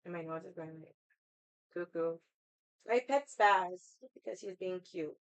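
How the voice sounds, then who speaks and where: Smooth-voiced woman rambling, swearing freely. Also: fairly low pitch, measured pace, rough recording. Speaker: livestream host chatting with viewers. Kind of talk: casual chat.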